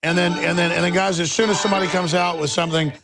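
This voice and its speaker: Male host, gravelly, fairly high voice, blunt and scornful on live commentary. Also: little pitch movement, racing, over music.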